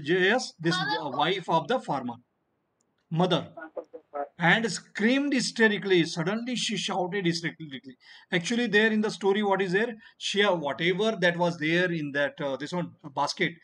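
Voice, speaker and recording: Male teacher, fairly high voice, online class, explains by repeating and answering his own questions. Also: fairly bright tone.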